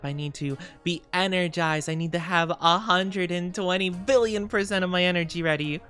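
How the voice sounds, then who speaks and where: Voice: mid-range voice, normal speed, a bit bright, soft background music. A VTuber streamer in a casual, playful livestream chat, greeting viewers and rambling with giggles and fillers.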